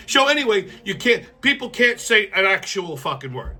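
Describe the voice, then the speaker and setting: Man, show host, heated profane rant, raised pitch, very sharp tone. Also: very animated, moderate pace, hardly any pauses. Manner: blunt, heated, swears constantly. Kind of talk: profane political commentary rant.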